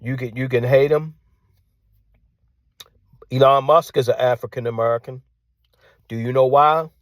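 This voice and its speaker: A man delivering a combative monologue, repeating his phrases and firing off rhetorical questions, sometimes dropping to a hushed tone. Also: medium pitch, steady tone, measured pace, no room sound, clean studio sound. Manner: drops to hushed tone at times. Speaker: commentator. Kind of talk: ranting monologue.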